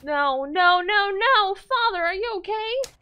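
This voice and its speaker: A woman's voice: animated, slow pace, highs cut off, slight background noise, heavily acted. Lady putting on a shrieky little girl, panicked and furious, game character. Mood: frantic. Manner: shrill and shouting.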